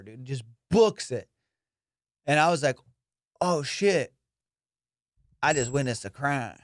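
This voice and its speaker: A young man with a middle-pitched voice tells casual stories as a comedy podcast host, swearing freely and animated throughout. His voice is recorded close and dry, with no room sound at all. He pops into high, excited voices when he acts out what he and others said. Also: clear, resonant tone, no room sound. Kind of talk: casual storytelling.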